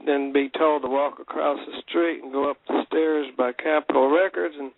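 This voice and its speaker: A man's voice: fairly high pitch, steady tone, moderate pace, gravelly, background noise. An older man with a Nashville drawl, a songwriter telling long, folksy stories as a guest on a radio call-in show. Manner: folksy, laughs easily, long rambling anecdotes. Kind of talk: casual radio interview. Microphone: phone call. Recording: tinny phone line.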